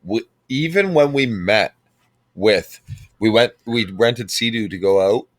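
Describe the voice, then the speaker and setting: A man's voice: fairly low pitch, animated, measured pace, no echo. A stoned man in laid-back banter, riffing on and repeating his friend's lines. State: high on weed. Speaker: podcast co-host. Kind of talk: casual chat.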